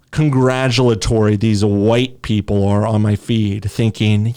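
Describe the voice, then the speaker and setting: A man's voice: fairly low pitch, fairly even intonation, a little slow, dark tone, smooth. A young man co-hosting a podcast in casual chat, blunt, profane and sarcastic. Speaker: podcast co-host.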